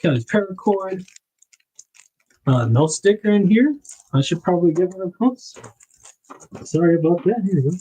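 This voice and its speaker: A man's voice: high voice, expressive, normal speed, pauses often, dark tone, slightly rough, low-quality recording. A man hosting a casual livestream, rambling and correcting himself with little laughs as he packs things up. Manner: narrates while packing items. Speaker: livestream host.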